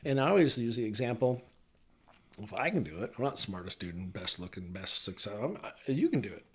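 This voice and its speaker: A man's voice: mid-range voice, very animated, quick pace, husky. A man speaking as a podcast guest, talking in an earnest, reflective way and laughing often. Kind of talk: casual motivational podcast talk.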